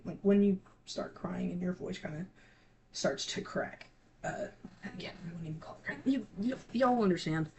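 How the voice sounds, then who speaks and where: A teenage gaming creator talking casually to viewers, halting and scattered, with many restarts and trailing thoughts. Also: mid-range voice, a little hiss or hum. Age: teens. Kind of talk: casual rambling talk to viewers.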